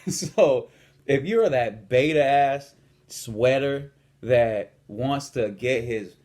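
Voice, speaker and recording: A man's voice: medium pitch, a little mellow. A young man, a fitness coach, ranting about gym manners in a casual vlog and telling a story in a blunt, profane, swaggering way. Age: young adult.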